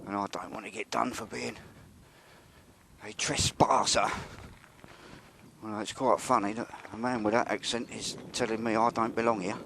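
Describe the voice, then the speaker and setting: A man's voice: fairly low pitch, a bit bright. A man vlogging on a walk by a railway yard, chatty and wry, sometimes dropping to a mutter. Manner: chatty, wry, drops to a mutter when sneaking. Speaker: vlogger walking and filming. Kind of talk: casual walking commentary. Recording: noisy outdoor recording.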